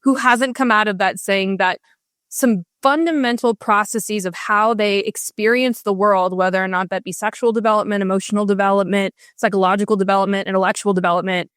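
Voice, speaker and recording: A woman's voice: mid-range voice, fairly even intonation, fairly quick, fairly bright tone, clear, resonant tone, dry recording. Woman, interview guest, impassioned, emphatic, dry sound, restarts often. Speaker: guest author. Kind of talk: candid interview conversation.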